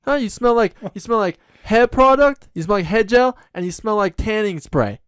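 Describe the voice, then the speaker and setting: Brash Bronx bruiser, high-pitched and pushy, taunting and loud, as a podcast host puts him on. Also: male voice, expressive, normal speed, smooth, no room sound, studio quality. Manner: shouting, taunting, swaggering. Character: loud brash male Bronx tough guy.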